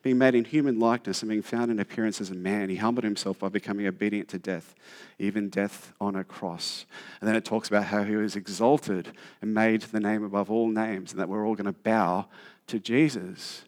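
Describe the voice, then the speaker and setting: Relaxed, self-mocking preacher man. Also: lowish voice. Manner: conversational and self-deprecating, slows for emphasis. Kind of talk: sermon.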